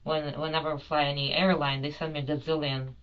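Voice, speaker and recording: A woman's voice: low-pitched, flat delivery, quick pace, lo-fi sound. Rambling, apologetic woman in police interview. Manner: rambling, filler-heavy, apologetic. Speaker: detained airline passenger.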